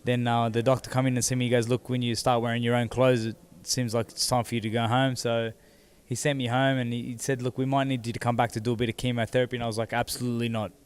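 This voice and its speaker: A man, seated as an interview guest, telling his own story in a halting way that repeats words as he goes. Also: medium pitch, little pitch movement, clean tone. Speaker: interview guest, former boxing champion. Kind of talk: candid personal storytelling.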